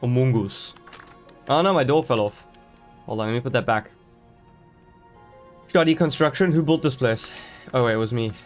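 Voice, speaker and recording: A man's voice: medium pitch, normal speed, long pauses, soft background music. A man chatting live to his viewers while playing a game, rambling and joking as he goes, greeting people in chat. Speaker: streamer.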